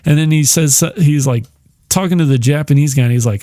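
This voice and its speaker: A man's voice: medium pitch, fairly even intonation, fast, dark tone, dry recording. A man hosting a podcast, rambling casually and profanely through a film comparison, chuckling often and using lots of fillers. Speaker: podcast host.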